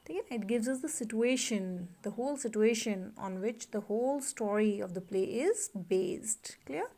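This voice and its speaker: A woman's voice: a little high, darkish tone. A woman teacher with an Indian English accent, explaining a play line by line to a class and checking often that students follow. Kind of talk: classroom literature lesson.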